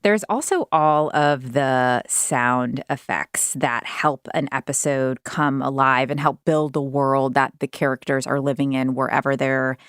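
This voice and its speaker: A woman's voice: extremely low pitch, steady tone, measured pace, hardly any pauses, clear, resonant tone, no echo, studio quality. A woman hosting a radio interview, asking curious, conversational questions. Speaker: host.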